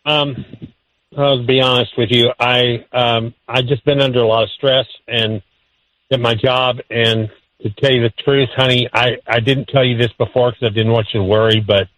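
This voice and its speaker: A hesitant man stumbles through his explanation with many ums and restarts. He sounds evasive and a little defensive. The sound is dry and close, and his pitch is middling. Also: level tone, normal speed, fairly bright tone, dry recording, poor audio. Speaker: caller on the phone. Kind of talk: evasive phone conversation.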